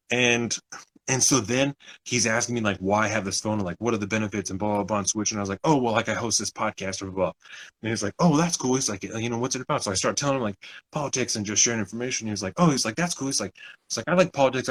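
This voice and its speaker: Young male podcast co-host, husky and rapid, animated storyteller who swears freely. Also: on the low side, low-quality recording. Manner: animated retelling, acting out other people's lines, swears often. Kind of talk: casual storytelling chat.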